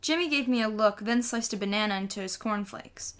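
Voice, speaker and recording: A woman reading a children's novel aloud in a lively storytelling way. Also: medium pitch, a little fast, clean tone. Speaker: audiobook reader.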